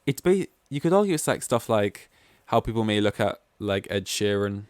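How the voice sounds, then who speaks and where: A man from East London, England, hosts a solo podcast, rambling casually, going off on tangents, and saying "like" constantly. His fairly low voice is very animated at normal speed, with a clean, studio-quality sound and no echo.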